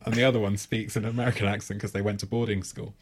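A man's voice: lowish voice, flat delivery, rapid-fire. A man, a podcast co-host telling a rambling, self-mocking story full of swearing and laughter. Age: 30s. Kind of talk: casual comedic storytelling.

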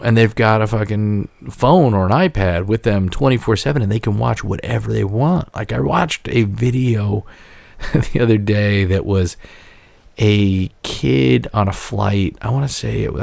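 A man in his forties rambling and swearing through casual podcast chat, his stories loose and animated. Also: on the low side, gravelly, no room sound. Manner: rambling, profane, animated storytelling. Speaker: podcast co-host.

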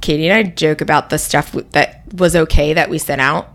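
A woman co-hosting a casual podcast chat, talking freely with lots of fillers and lively asides. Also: low voice, fairly quick. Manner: conversational, filler-heavy, animated asides. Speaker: podcast co-host.

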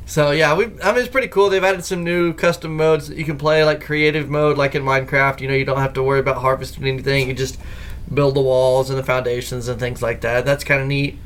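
A man hosting a casual gaming podcast, telling stories in a lively way and laughing often. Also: mid-range voice, brisk. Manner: animated storyteller who laughs often. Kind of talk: casual chat.

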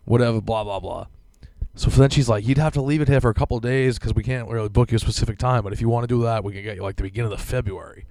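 Fast-talking gravelly young man ranting. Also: mid-range voice, dark tone, no room sound. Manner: ranting, profane storytelling with many fillers. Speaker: podcast co-host. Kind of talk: casual podcast banter.

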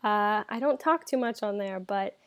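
A woman's voice: medium pitch, moderate pace. A woman with an American accent, a podcast guest, chatting playfully and giggling. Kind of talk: casual podcast chat.

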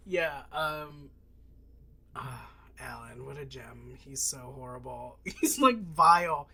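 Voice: mid-range voice, expressive, slow, gravelly, sharp tone. A podcast host chatting casually about a film, laughing often and trailing off mid-thought.

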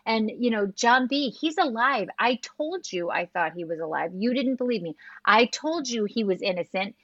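A woman co-hosting a podcast, chatting casually and retelling scenes with quick quoted lines. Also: a little high, expressive, a bit bright, no echo, dull audio. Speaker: podcast co-host. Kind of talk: casual recap chat.

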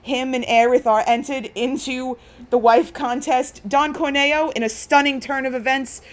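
A woman's voice: high voice, steady tone, moderate pace. Gushing, rambling woman in casual chat. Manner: gushing, rambling retelling full of "like".

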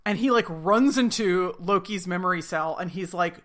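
A woman's voice: fairly low pitch, normal speed. A woman in her thirties co-hosting a casual show recap, chatty and retelling scenes in playful quoted voices. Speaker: podcast co-host recapping a TV episode.

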